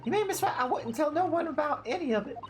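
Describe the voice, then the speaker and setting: A man voicing a tough teenage Cockney street girl who comes out sounding like a middle-aged woman, in rough slangy speech. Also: very high voice, lively intonation, fast, a little hiss or hum, pitched above the performer's own voice. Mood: frightened. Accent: put-on Cockney. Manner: rough slangy telling with dropped grammar. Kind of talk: game dialogue read aloud on a stream.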